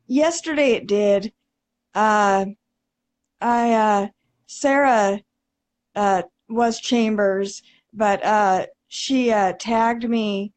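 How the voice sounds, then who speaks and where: Halting, shaken woman speaking slowly. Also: mid-range voice, darkish tone. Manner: halting, full of hesitations. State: emotionally shaken. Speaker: interview guest.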